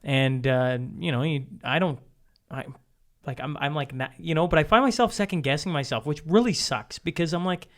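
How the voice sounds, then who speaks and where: A man's voice: a little high, moderate pace, fairly bright tone. A man hosting a podcast, talking thoughtfully and hesitantly with many restarts. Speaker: podcast host. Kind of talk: casual chat.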